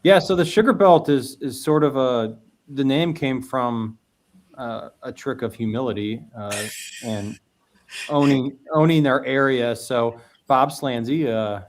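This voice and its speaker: A man's voice: medium pitch, unhurried, a little hiss or hum. Rambling man on a podcast. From Northwest Indiana. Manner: rambling, repeats words and restarts often. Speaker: guest meadery owner. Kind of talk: casual podcast conversation.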